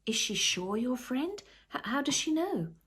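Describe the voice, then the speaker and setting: A woman reading the lines of a kind, steady husband in a storybook, gentle and reassuring. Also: high voice, a little slow, slightly rough, pitched above the performer's own voice, heavily acted. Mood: worried. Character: kind, steady husband, middle-aged man.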